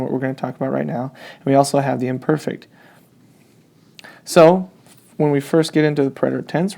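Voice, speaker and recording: A man's voice: mid-range voice, vocal fry, dark tone. A man teaching a Spanish grammar lesson, explaining step by step and checking in often.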